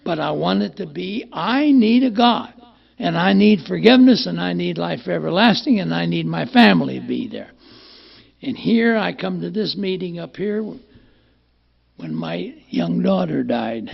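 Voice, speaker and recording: A man's voice: high voice, unhurried, vocal fry, slightly rough. An older man giving a plainspoken, rambling personal testimony at a recovery meeting, often repeating words as he goes. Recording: muffled lo-fi recording.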